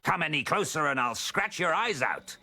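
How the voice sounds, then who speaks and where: A man's voice: high voice, animated, unhurried, music in the background, voice pushed up. A man voicing Brian, a snarling hedgehog monster. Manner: snarling, shouting insults. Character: angry male hedgehog turned snarling monster.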